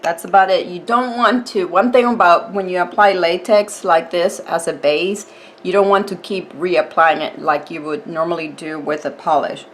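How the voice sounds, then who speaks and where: A woman explaining her nail art tutorial step by step in a relaxed, chatty way, with fillers. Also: lowish voice, moderate pace.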